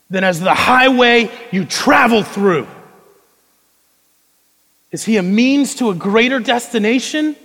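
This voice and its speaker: A young man preaching a sermon, moving between hushed intensity and loud, emphatic delivery. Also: sits high. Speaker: pastor. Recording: long reverb of a large hall.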